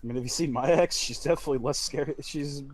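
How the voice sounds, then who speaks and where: A man on a casual podcast, joking and swearing, quick to laugh. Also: mid-range voice.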